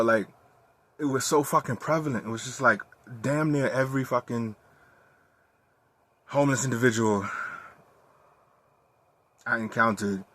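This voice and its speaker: A young man talking candidly in a personal monologue, profane and animated as he tells his story. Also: on the low side, no echo. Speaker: vlogger.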